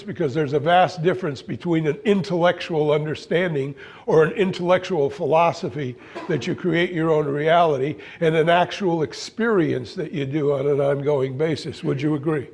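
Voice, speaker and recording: Brief: high-pitched man, playful spiritual speaker, anecdotal with halting restarts. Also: a little mellow. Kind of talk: motivational spiritual talk.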